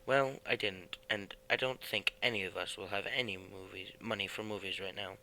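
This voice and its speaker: A man's voice: sits low, steady tone, moderate pace, a little hiss or hum, full character voice, low-quality recording. A man voicing a thrifty, worried middle-aged housewife in a storybook, speaking sharply and a little cross. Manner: sharp, scolding.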